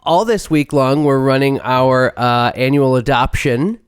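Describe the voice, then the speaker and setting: A man's voice: medium pitch, a little slow, smooth, no echo, clean studio sound, natural voice. A man playing a nervous pet rescue owner who keeps hesitating and stumbling over his words as a radio guest. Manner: hesitant, stumbling, full of ums. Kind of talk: improvised comedy.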